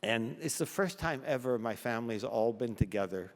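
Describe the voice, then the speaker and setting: Older man, halting speech, hall reverb. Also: medium pitch, lively intonation. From Canada. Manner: self-deprecating humor, halting restarts, fighting back tears. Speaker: award recipient giving acceptance speech. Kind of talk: emotional acceptance speech. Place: large banquet hall. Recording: long reverb of a large hall.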